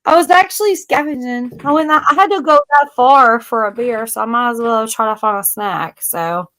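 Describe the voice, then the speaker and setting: A woman's voice: a little high, moderate pace, a bit bright. A woman hosting a casual live-stream chat, loose and blunt with slang and mild cursing. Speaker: livestream host.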